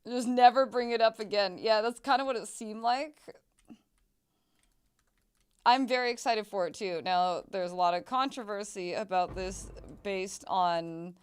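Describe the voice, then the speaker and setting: Streamer type: young woman, chatty and loose, mid-pitch, smooth clear voice, desk mic. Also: measured pace. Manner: chatty, swearing, laughing, exclamations. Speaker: game streamer. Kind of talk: casual gameplay chat.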